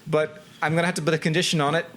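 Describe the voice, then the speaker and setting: A man's voice: a little high, level tone, rapid-fire, fairly bright tone, voice pushed up, close to an everyday voice. Man playing a folksy old hobbit farmer.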